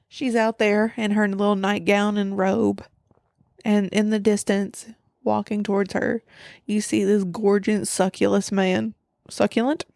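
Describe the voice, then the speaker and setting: A young woman podcast host casually recapping a film, animated, acting out quotes and laughing often. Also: mid-range voice, vocal fry, no room sound, studio quality.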